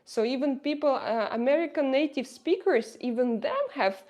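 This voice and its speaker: A woman with a Russian accent, a native Russian speaker, chatting on a live stream, reading viewer comments aloud and talking straight to them with many halting fillers. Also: high voice, expressive, a little mellow, highs cut off. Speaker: livestreamer.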